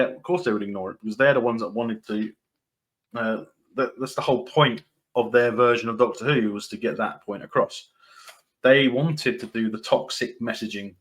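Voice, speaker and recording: A man's voice: mid-range voice, a bit bright. A man hosting his own commentary channel, rambling through news excerpts with many fillers and restarts, dismissive and repeating points for emphasis. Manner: rambling, with frequent fillers, restarts and dry laughs. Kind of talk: casual opinion commentary, reading news excerpts.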